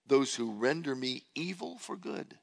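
A man's voice: mid-range voice, lively intonation, measured pace, creaky. A man preaching a sermon, earnestly reading and paraphrasing scripture in the first person. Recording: long hall reverb.

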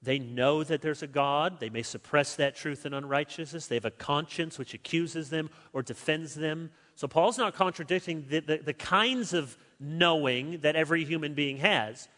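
A man preaching an expository sermon as a pastor. He talks emphatically, switches between quick stretches and slow, stressed words, and turns to his listeners with dry asides. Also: on the high side, fairly bright tone. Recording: long reverb of a large hall.

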